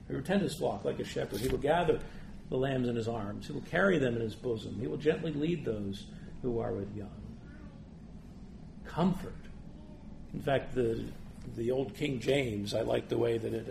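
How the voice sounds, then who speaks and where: A man's voice: mid-range voice, creaky. A male pastor preaching a sermon, asking rhetorical questions and building to emphatic peaks. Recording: echoey room with faint noise.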